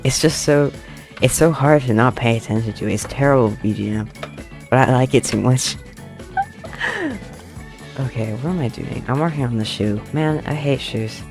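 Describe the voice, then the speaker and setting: Drawing as he talks, this young artist streamer rambles through a story on his channel, giggling often and pausing frequently. He speaks at a moderate pace with a medium pitch, and faint music plays in the background.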